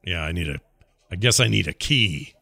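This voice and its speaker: A man's voice: low voice, animated, normal speed, vocal fry, bright, forceful tone, no room sound. A man playing a tabletop game in character, hesitant and self-mocking, stumbling over his words. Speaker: player.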